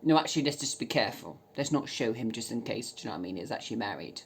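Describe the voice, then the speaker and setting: Bawdy woman with a very deep voice. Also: fast talker, gravelly, few pauses, slight background noise. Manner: bawdy, cheeky, swears a lot; loud, sudden laughs. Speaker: vlogger. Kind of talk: casual chat reading dating messages aloud.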